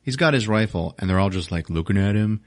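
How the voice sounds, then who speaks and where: A man's voice: on the low side, lively intonation, fast talker, no echo. A male podcast host casually recapping a movie, swearing, laughing and acting out the scenes. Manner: crude, laughing, acts out scenes.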